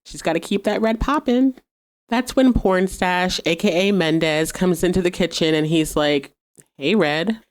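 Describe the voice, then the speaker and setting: A woman's voice: lowish voice, measured pace. A woman hosting a podcast, casually recapping a TV episode, chatty and sassy, laughing often. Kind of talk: casual recap with quoted dialogue.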